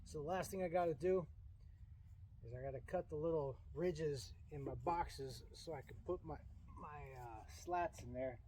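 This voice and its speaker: A man's voice: a little high, normal speed, darkish tone, slight background noise. A man casually talking through a woodworking build at his workshop in a laid-back, rambling, self-deprecating way. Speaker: woodworker and channel host. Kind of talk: casual DIY build narration.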